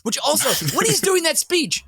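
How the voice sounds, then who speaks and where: Animated man with bright, lively voice. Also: very high-pitched, normal speed, dry recording, clean studio sound. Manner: animated storyteller, bursts into shouted impressions. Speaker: podcast co-host. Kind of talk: casual comedic chat.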